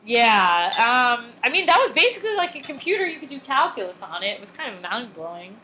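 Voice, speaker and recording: A woman's voice: fairly high pitch, very animated, fast talker, sharp tone. A young woman co-hosting a podcast, chatting casually and laughing as she recaps a TV show. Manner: chatty and laughing, with frequent ums and likes. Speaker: podcast co-host.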